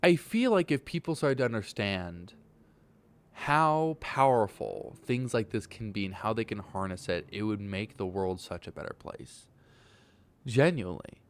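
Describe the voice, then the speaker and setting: Animated young man ranting. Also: fairly low pitch, unhurried. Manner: animated, swearing, swings into loud exclaiming. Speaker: vlogger. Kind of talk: casual motivational rant.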